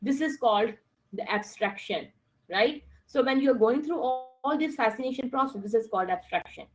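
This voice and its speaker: Quick lady teacher online, switching languages, a bit high. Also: expressive, rough recording. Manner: switches between English and Hindi-Urdu, addresses students directly. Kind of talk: online English lesson.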